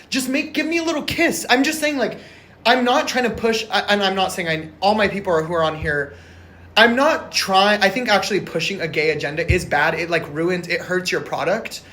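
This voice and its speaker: A man's voice: high-pitched, moderate pace, sharp tone. A man talking to camera in a casual vlog. He rambles, swears often and sounds passionate and frustrated. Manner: rambling, emphatic, swears a lot. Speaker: vlogger reviewing a film.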